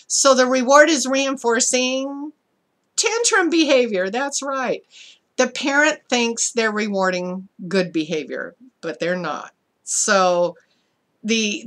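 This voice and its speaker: A woman's voice: medium pitch, a bit bright. A middle-aged woman teaching an online psychology lecture in a conversational way, laughing now and then and acting out what a parent would say. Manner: conversational, laughs often, acts out parent's lines. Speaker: psychology instructor.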